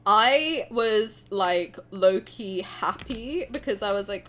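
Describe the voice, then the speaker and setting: A woman's voice: medium pitch, lively intonation, slow, pushed and bright. A young woman streaming a game, chatting playfully with her chat, teasing and swearing freely. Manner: answers chat messages aloud. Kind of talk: casual livestream chat.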